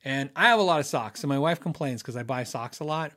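A middle-aged man, a guitar tech hosting a podcast, chatting casually and joking with laughs, trailing off into low asides. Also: lively intonation, fast, sharp tone. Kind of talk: casual live-stream chat.

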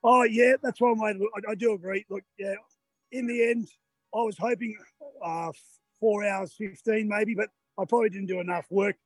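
An older Australian man, a marathon runner, chats to radio hosts by phone from outdoors near the finish line. He sounds tired after the race, laughs a lot, and acts out what the crowd shouted at him. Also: high-pitched, steady tone, moderate pace, husky, no echo, soft background music. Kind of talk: casual chat on a live radio call. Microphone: phone on a video call.

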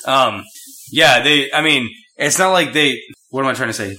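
A young man talks loosely on a casual podcast, rambling from one point to the next. His voice is bright and clear. He teases his co-host as they go. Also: mid-range voice, normal speed. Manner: chatty, rambling, teasing. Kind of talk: casual chat.

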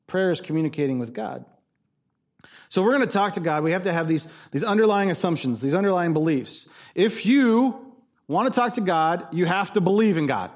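A man's voice: high voice, expressive, moderate pace. A man preaching a sermon as a pastor, conversational and emphatic, repeating his key points.

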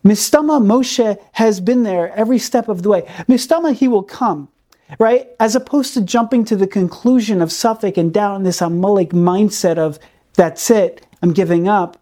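A man gives a Torah class in a mellow, soft-edged voice. He is earnest and emphatic, and he leans on key words by repeating them. His talk is full of Hebrew terms. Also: sits high, normal speed. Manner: peppers speech with Hebrew terms. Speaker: Torah teacher.

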